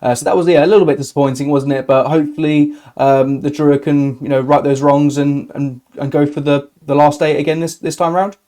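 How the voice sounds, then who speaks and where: A man's voice: a little high, fairly even intonation, brisk, hardly any pauses, mellow. A man hosting a rugby podcast, chatting conversationally with some hesitant fillers. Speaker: podcast host, assistant editor. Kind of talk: casual interview chat.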